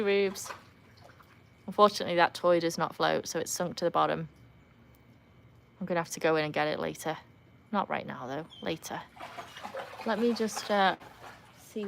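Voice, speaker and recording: Woman, Welsh accent, low pitch, casual live-stream chat, phone recording outdoors, faint background noise. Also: moderate pace, vocal fry, pauses often. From North Wales. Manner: chatty, laughs often, talks to her dogs in a higher voice. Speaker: livestream host. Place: outdoors by a backyard pool.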